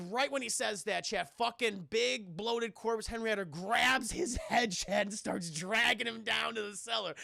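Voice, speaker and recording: A young man excitedly recapping a horror film scene by scene for his live chat, swearing freely. His voice is high for a man and heavily gravelly, with a bright, tense edge. The sound is dry and close. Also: moderate pace, hardly any pauses, no echo. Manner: excitable and profane, keeps addressing the chat. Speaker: film reviewer and streamer.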